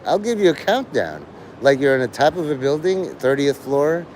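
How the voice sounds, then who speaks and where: Male streamer, taunting teacher manner, lively pitch, faint traffic hum. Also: moderate pace. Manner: lecturing, taunting, mock-teacherly. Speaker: livestreamer. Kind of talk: casual livestream chat.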